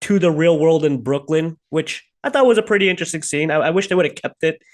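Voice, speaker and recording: A man's voice: on the high side, fast talker. An easygoing man who laughs often, hosting a casual movie review chat with friends. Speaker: podcast host.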